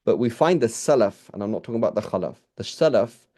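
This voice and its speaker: A man's voice: fairly low pitch, lively intonation, fast talker, mellow. A man giving an informal lesson on scripture, talking conversationally with frequent restarts and checks with his listeners, quoting Arabic phrases. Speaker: teacher.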